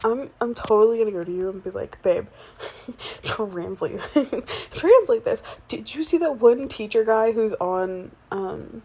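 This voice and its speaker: A woman's voice: on the high side, animated, a little slow, mellow, slightly rough, heavily acted. A woman in her twenties doing a whispered role-play as the listener's sleepy, chatty fiancée, rambling between yawns.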